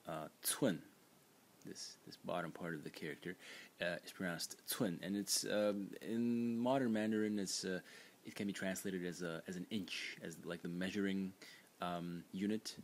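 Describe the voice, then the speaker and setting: Male teacher, very low voice, unscripted explainer with lots of "uh" and restarts. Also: fairly even intonation, normal speed, slight background noise. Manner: explanatory, frequent fillers and restarts. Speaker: language teacher. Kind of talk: screen-recorded lesson narration.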